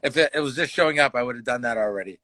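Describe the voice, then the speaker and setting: On a livestream talk show, a Canadian comedian guest tells a rambling, profane story in casual chat, heatedly acting out the quotes. His medium-pitched voice is sharp and racing, with no echo.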